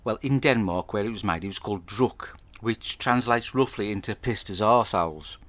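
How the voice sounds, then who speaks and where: A man's voice: fairly low pitch, moderate pace, no echo. A man hosting a solo film podcast, telling the plot in a blunt, sweary and jokey way. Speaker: podcast host. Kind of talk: casual solo film review.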